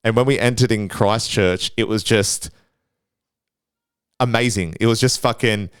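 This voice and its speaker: A man's voice: lowish voice, measured pace, clear, resonant tone, no room sound, clean studio sound. Laid-back, swearing young man rambling. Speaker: podcast host. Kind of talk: casual storytelling.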